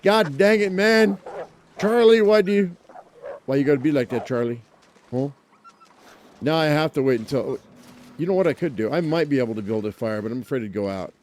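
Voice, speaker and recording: A man talks through a survival game as he plays, muttering plans to himself and joking with viewers. His voice is mellow and warm, sitting at an ordinary pitch. He breaks into playful exclamations when things go wrong. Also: fast talker, a little hiss or hum. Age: adult, owns a dog. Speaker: let's play gamer. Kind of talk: casual gameplay commentary.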